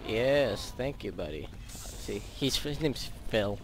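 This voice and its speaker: A teenage boy chatters through his gameplay in a slow, drawn-out way, his voice bouncing high and low. He rambles, makes silly noises and jokes to himself, with a faint hiss and game sounds underneath. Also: lively intonation. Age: teens. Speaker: gaming YouTuber. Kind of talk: casual gameplay commentary.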